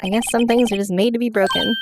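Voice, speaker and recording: A woman's voice: on the high side, steady tone, fast talker, noisy background, close to an everyday voice. A woman reading the lines of a dry, wry young male lawyer in her own voice.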